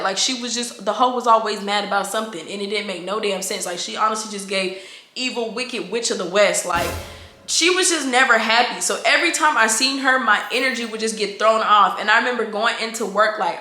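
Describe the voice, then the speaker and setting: A woman in her twenties telling a casual storytime vlog, blunt and slangy, animated as she quotes her coworkers in quick asides. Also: medium pitch, roomy sound. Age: 20s. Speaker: vlogger.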